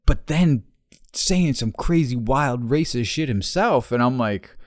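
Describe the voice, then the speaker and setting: A man's voice: medium pitch, animated, no room sound, clean studio sound. A man in his thirties, a podcast host telling a story in casual, profane talk and laughing as he goes. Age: 30s. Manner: profane, laughing, fast retelling.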